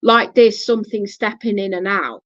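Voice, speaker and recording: A woman's voice: medium pitch, normal speed, fairly bright tone, no echo. A woman vlogger telling a personal story casually, blunt and swearing, often restarting her sentences. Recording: dull lo-fi, dry sound.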